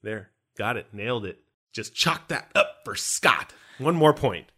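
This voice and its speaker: A man co-hosts a podcast in loose, joking banter. His voice is bright and forward, and his pitch swings widely as he teases himself and his partner. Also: a little slow, breathy edge. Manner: animated, self-mocking and joking. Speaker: podcast co-host.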